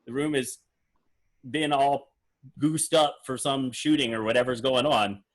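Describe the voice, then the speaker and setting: A man's voice: medium pitch, unhurried. A man hosting a casual reaction commentary on a magic act, rambling and acting out quotes with fillers. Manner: animated, rambling, acts out quotes. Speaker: magician host reviewing a performance.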